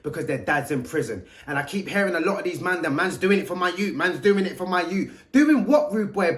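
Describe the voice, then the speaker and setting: A man's voice: high-pitched, fairly bright tone. A man, a youth mentor giving a blunt, preachy monologue full of street slang. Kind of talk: direct-to-camera monologue.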